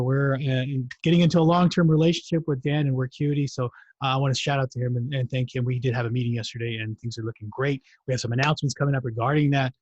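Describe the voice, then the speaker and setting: Husky-voiced man hosting a live show. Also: mid-range voice, a little mellow, dry recording. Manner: chatty, rambling, with frequent fillers. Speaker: show host. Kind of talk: live-streamed interview show. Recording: dull, dry sound.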